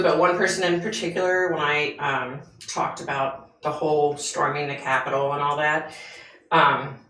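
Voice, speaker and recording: A woman's voice: low-pitched, a bit bright, slight background noise. Chatty woman hosting a livestream, echoey room. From United States. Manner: chatty, greets viewers by name, many fillers. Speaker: livestream host. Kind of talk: casual livestream chat with viewers.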